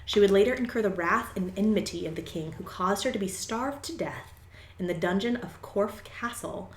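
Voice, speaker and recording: A woman's voice: medium pitch, normal speed, echoey room. A young woman co-hosting a podcast, explaining things at length in casual chat with lots of fillers. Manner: rambling explainer with many fillers. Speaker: podcast co-host.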